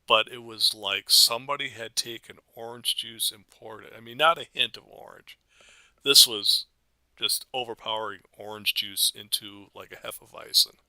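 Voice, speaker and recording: A man's voice: fairly low pitch, steady tone, normal speed, pushed and bright, no room sound. A middle-aged American man and father, chatting casually on a podcast and rambling through stories with frequent laughs. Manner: rambling, storytelling, laughs often. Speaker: co-host, father.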